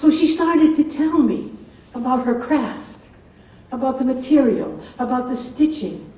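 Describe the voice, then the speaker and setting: A woman's voice: sits high, sing-song, measured pace. Older woman storyteller, chatty and amused; tinny sound, very echoey hall, far from the mic. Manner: chatty, amused, laughs often. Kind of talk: live personal storytelling. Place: performance hall.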